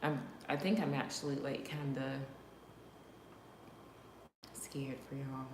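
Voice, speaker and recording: A woman's voice: a bass voice, little pitch movement, slow, noisy background. A woman hosting a casual livestream, talking straight to her viewers, sometimes dropping to a whisper and laughing. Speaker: livestream host. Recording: roomy room echo.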